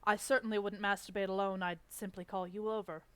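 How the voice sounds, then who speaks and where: Deadpan woman tabletop player. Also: mid-range voice, fast talker, noisy background. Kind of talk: playing her character in a tabletop game.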